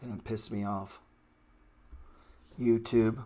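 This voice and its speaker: A man's voice: on the low side, steady tone, very slow, warm tone. A man hosting a trading livestream, ranting bluntly and swearing heatedly from his computer. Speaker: trading show host.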